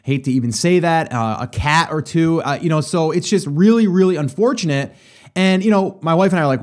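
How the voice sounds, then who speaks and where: A man's voice: a little high, a little fast, darkish tone. A middle-aged man hosting a talk show, telling a personal story and turning it into business advice in a casual, conversational way with lots of asides to listeners. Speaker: podcast host.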